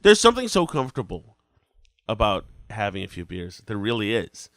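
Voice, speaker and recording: A man's voice: fairly low pitch, wildly swooping pitch, moderate pace, fairly bright tone, no echo, studio quality. A man with a cold hosting a podcast, asking wry, probing questions in casual chat. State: has a cold. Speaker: podcast host.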